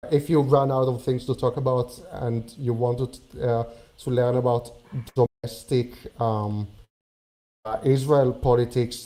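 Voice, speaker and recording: A man's voice: mid-range voice, dark tone, rough recording. A young man with a German accent, calling into a live stream and talking with many fillers and restarts. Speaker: caller. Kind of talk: casual call-in chat.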